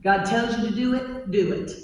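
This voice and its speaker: A woman preacher retelling a Bible story as a lively, humorous modern-day tale in a conference sermon. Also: mid-range voice, normal speed, a little hiss or hum. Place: large conference hall. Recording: echoey hall from far off.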